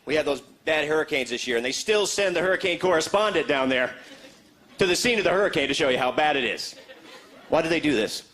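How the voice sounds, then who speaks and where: A male stand-up comedian telling deadpan quips to a live audience. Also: on the high side. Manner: deadpan quips, quick jokes. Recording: live show with audience laughter.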